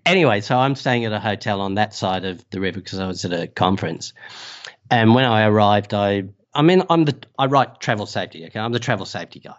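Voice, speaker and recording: An Australian man, a travel safety writer, telling a story in a casual, animated way and laughing often. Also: on the low side, fast, lo-fi sound. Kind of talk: casual anecdote.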